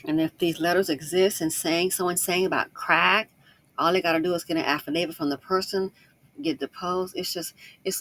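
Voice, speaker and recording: A woman delivers casual commentary in a bright, sharp-edged voice. She talks quickly and slangily and hammers her points home by repeating them. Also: fairly low pitch, slight background noise. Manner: talks fast, tries to slow herself down. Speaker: YouTube commentator.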